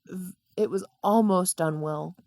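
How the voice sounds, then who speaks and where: A woman's voice: on the low side, measured pace, darkish tone. A woman from the American South co-hosting a podcast, chatting casually about a film and hedging with lots of "like". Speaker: podcast co-host.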